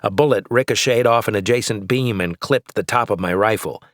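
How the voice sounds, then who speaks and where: A man narrating an action novel in first person, in a steady, measured way. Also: lowish voice, no room sound, studio quality. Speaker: audiobook narrator.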